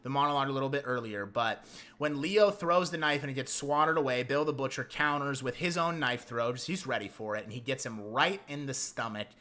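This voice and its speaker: A man giving a casual film review, retelling scenes in an excitable, profane and animated way. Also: medium pitch.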